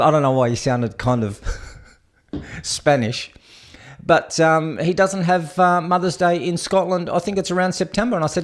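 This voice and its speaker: Australian male streamer, rambling and crude, slightly higher voice, loose casual delivery. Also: moderate pace. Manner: blunt, crude and rambling with many fillers. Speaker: streamer host. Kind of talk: casual rambling livestream chat.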